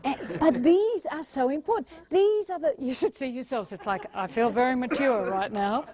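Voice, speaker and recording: A woman giving a motivational seminar talk, playful and animated, speaking straight to a live audience and leading them through exercises. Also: high voice, normal speed. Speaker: communication and leadership trainer.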